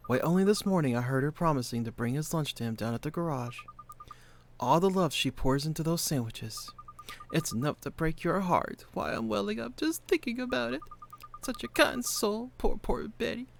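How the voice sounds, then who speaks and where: A woman's voice: low-pitched, expressive, normal speed, slight background noise. Gossipy old neighbor lady. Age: older. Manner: soft-spoken, fussy, gossiping. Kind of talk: video game voice acting.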